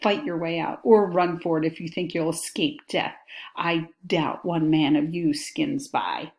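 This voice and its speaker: A woman reading aloud the lines of a furious, vengeful king in a slow, grave, threatening way. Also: sits low. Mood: grim, threatening. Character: furious vengeful king, older man, grim.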